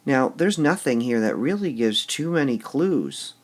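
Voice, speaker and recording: A man's voice: mid-range voice, lively intonation, measured pace. A man teaching a recorded lesson on poetic meter. He goes step by step, says "all right" often between steps, and repeats words with shifting stress to show the beat.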